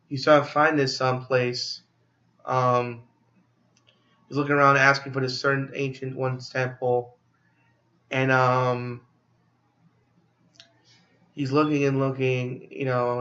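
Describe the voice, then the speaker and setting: A man's voice: mid-range voice, fairly bright tone, dull audio. A man casually recapping a film plot as a movie reviewer, rambling with many fillers and restarts.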